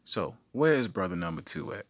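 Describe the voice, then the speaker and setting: A man's voice: lowish voice, sing-song, a little fast, creaky, fairly bright tone, dry recording. A man hosting his own podcast, telling rambling stories in a playful, slangy manner. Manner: playful storyteller, slangy asides. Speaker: podcast host. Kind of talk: casual solo podcast monologue.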